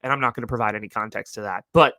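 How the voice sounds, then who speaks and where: A young man hosting a podcast, telling stories about college in an animated, casual way and saying "like" a lot. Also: lowish voice, racing, no echo. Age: young adult. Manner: animated storytelling, heavy use of "like". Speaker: podcast host. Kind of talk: casual monologue.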